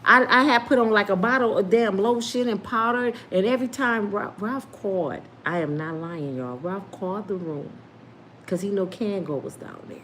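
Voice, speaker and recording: A woman in her fifties tells a story the way she would to friends, keeping it lively and laughing as she goes. She drops into different voices to play the people in the tale, all at a middle pitch. There is a faint hiss of background noise. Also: moderate pace. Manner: animated, laughs often, acts out quoted voices. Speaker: storyteller host. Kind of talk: casual storytelling.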